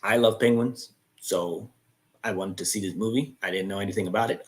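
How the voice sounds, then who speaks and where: A man's voice: fairly low pitch, big pitch swings, a little fast. Casual man retelling a movie plot. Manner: retelling plots with quoted voices and restarts. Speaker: host of a live chat.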